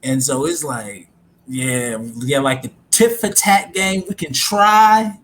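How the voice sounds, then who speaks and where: A co-host in casual podcast chat, backing the host up with short agreements and quick asides. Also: mid-range voice, a bit bright, slight background noise. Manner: affirming, chiming in with short agreement.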